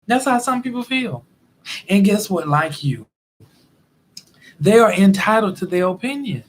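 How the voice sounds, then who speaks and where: A man with a fairly high voice talks straight to his viewers in a loose, casual commentary. He tells his stories in an animated way and breaks into acted-out quotes along the way. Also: a little slow, long pauses, a little hiss or hum. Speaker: vlogger.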